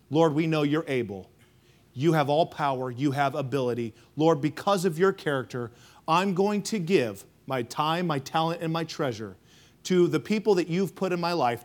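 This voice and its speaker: A man preaching a sermon, emphatic and rhythmic, calling on the congregation to respond and swinging between loud and hushed delivery. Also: fairly high pitch. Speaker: pastor.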